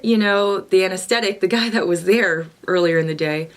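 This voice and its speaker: A young woman vlogger who is a new mother tells a personal story in a chatty, emotional way, full of fillers and restarts. She speaks at a normal speed and a medium pitch.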